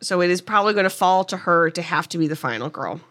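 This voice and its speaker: A woman's voice: on the low side, lively intonation, quick pace, fairly bright tone. A woman casually recapping a movie plot as a podcast co-host, acting out the characters' lines.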